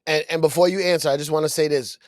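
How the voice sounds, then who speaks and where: Excitable male co-host, dry close sound. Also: a little high, no room sound. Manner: excitable, quick interjections. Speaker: podcast co-host. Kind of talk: casual interview chat.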